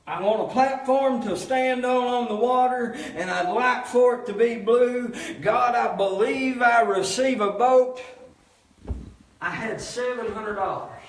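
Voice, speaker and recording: High-voiced preacher in an echoey hall. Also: male voice, a little slow. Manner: swings from loud emphatic shouts to low quiet asides. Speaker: pastor. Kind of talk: sermon storytelling. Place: church. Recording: echoey church hall from far off.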